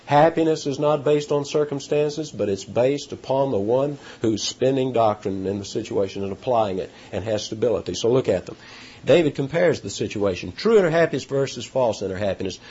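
Animated preacher man, dull lo-fi recording. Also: husky. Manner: animated, pitch jumping up on emphasis, halting restarts. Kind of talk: sermon. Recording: dull lo-fi sound.

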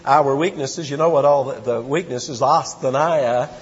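A man's voice: mid-range voice, unhurried, slightly rough. A man teaching a Bible study in a conversational, emphatic way, quizzing his listeners and reading scripture aloud. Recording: muffled echoey hall recording.

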